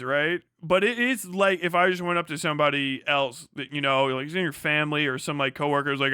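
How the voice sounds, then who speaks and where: Bright, crisp-voiced man ranting casually. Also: a little high, no echo, clean studio sound. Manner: profane, rambling, laughing, mimics people in quick put-on voices. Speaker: livestream host. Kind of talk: casual rant.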